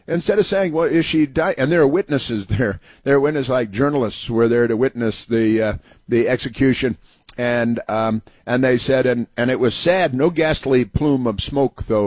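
Man, talk show host, sarcastic monologue, halting, filler-heavy, dry studio sound. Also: medium pitch, darkish tone, no room sound. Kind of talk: sarcastic political commentary monologue.

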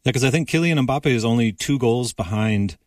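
A man hosting a sports panel, upbeat and quick to laugh while he leads the talk. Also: medium pitch, dry recording, clean studio sound, recorded from a distance. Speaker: host. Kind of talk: casual sports chat.

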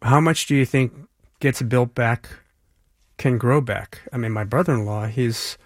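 A man's voice: mid-range voice, a little slow, no room sound, clean studio sound. Male interviewer prompting questions. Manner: prompting questions, brief affirmations. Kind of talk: conversational interview.

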